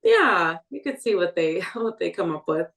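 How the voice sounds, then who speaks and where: A woman's voice: on the low side, big pitch swings, normal speed. A woman respiratory therapist giving practical tips in a casual group chat, often affirming others. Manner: warm affirming, frequent "yeah".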